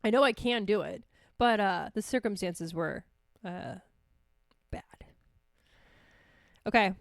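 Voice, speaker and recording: A woman's voice: medium pitch, animated, slow pace, gravelly, dry recording, studio quality. A woman hosting a casual solo podcast, telling rambling comic stories and swearing freely. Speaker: podcast host.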